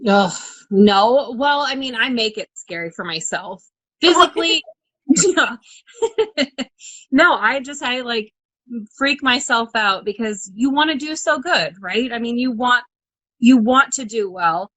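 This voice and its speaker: Lively woman telling stories, laughing often. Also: fairly high pitch, unhurried, no echo, poor audio. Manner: animated storyteller, acts out her own inner dialogue, laughs often. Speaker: monster truck driver guest. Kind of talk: casual interview chat. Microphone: video call.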